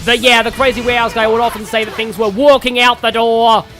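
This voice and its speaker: An excitable male streamer from Australia puts on a broad Australian accent and rambles and shouts at the game he plays. His voice sits very high. Game music plays behind him. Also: fast talker. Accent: put-on broad Australian. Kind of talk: excited gameplay commentary.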